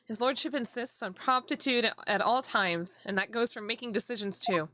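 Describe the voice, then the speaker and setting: A woman voicing a stern elderly judge, speaking in a formal, measured way over background music. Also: fairly high pitch, sharp tone. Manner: formal, measured courtroom speech.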